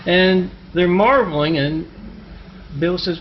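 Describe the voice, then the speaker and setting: A man rambles through a string of stories, jumping between tangents. His voice is gravelly and somewhat high for a man. It comes through a dull, lo-fi phone recording with faint noise behind it. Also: unhurried. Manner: rambling, digressive. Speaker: storyteller telling parables. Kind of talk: rambling spoken storytelling.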